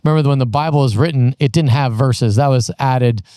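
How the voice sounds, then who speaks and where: A man's voice: medium pitch, brisk, mellow, smooth, dry recording, clean studio sound. A man co-hosting a casual Bible discussion podcast, enthusiastic and thinking aloud as he talks. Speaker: podcast co-host.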